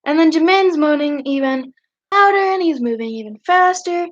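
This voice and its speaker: A woman reads fanfiction aloud on a livestream in a casual, high voice. She keeps breaking off for giggly, chatty asides. The stream audio sounds muffled and lo-fi. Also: lively intonation, moderate pace. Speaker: livestream host.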